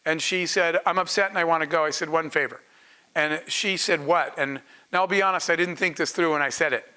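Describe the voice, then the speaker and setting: A middle-aged man giving a masterclass on building teams, telling an animated story and acting out the voices of the people in it. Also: a little high, fairly quick, clear, resonant tone, low-quality recording. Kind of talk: storytelling lecture to an audience.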